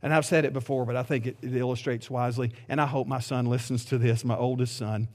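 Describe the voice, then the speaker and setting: A man's voice: mid-range voice, steady tone, fast talker, darkish tone. A middle-aged man preaching a sermon as pastor, earnest and heartfelt, often restarting his sentences.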